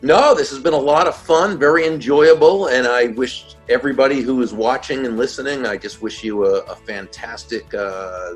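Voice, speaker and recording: A man in his sixties, a guest author in a casual interview, relaxed and trailing off softly at the ends of phrases. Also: medium pitch, moderate pace, few pauses, soft background music. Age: 60s.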